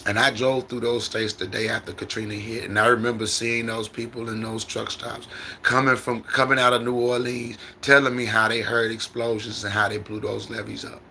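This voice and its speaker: A man's voice: medium pitch, flat delivery, normal speed, vocal fry, pushed and bright, a little hiss or hum. A middle-aged man who drives trucks, talking on his livestream in a repetitive, preacherly storytelling way into a phone. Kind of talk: casual livestream monologue.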